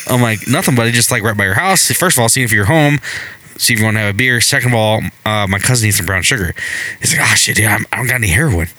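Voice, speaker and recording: A man's voice: mid-range voice, animated, quick pace, bright, forceful tone. A man co-hosting a casual podcast chat, laughing often while he tells anecdotes. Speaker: podcast co-host.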